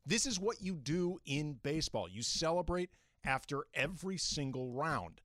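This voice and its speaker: High, animated male sports co-host. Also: no room sound, studio quality. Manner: emphatic, quick rebuttals. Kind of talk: sports talk radio debate. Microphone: studio microphone.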